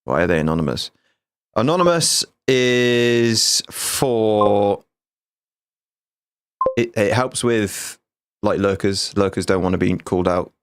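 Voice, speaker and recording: Sweary ex-soldier streamer, low voice. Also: male voice, animated, takes it slowly, pauses often, clear, resonant tone. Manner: frank, sweary, jokey banter. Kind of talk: casual livestream chat with viewers.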